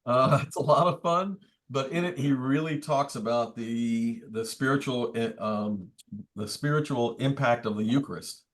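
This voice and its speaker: Priest leading a relaxed book study. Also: male voice, mid-range voice, moderate pace. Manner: thoughtful, explanatory, wry asides. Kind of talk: conversational teaching. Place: church meeting room.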